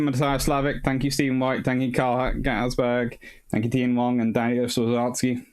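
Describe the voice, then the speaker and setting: A tired man of middle pitch hosts a history livestream, rambling as he reads the chat aloud. He thanks viewers one by one in a loose, chatty sign-off. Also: flat delivery, moderate pace, darkish tone, clean tone. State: tired, short on sleep. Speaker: naval history host and academic.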